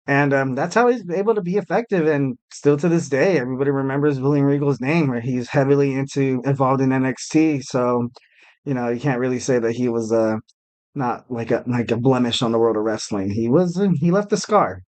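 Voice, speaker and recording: A man's voice: mid-range voice, brisk, darkish tone. A man hosting a solo podcast, talking casually in a rambling, self-deprecating way with lots of fillers. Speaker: podcast host.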